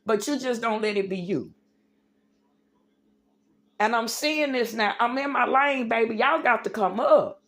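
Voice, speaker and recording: A woman with a slightly high voice delivers a fervent religious rant straight to her livestream viewers. She preaches with emphasis, calling her audience y'all and baby. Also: a little slow, pauses often, a bit bright.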